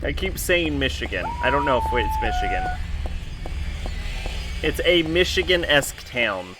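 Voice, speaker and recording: A man's voice: a little high, huge pitch swings, measured pace, noisy background. A man streaming a horror game, giving casual, rambling commentary that is profane and joking.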